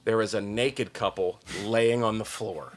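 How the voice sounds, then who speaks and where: A man, a stand-up comedian, telling a profane, excitable story on a podcast, peppered with "like" and "okay?". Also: on the low side, measured pace.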